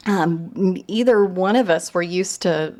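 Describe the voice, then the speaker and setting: A woman's voice: on the low side, slow pace, a little mellow. A Southern woman from Tennessee, a novelist telling funny, self-deprecating stories at a reading. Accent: Southern American. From East Tennessee. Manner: chatty, self-deprecating, with frequent fillers and laughs. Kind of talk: humorous storytelling talk.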